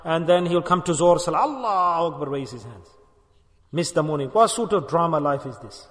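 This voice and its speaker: High, animated preacher in an echoing hall. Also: male voice. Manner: animated, mimicking, scolding. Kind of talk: sermon. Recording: reverberant hall.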